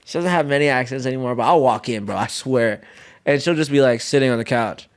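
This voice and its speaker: A man's voice: mid-range voice, fast, clean tone. A young man from the United States, a guest athlete in a casual chat, telling stories in a laid-back, slang-heavy way with easy laughs.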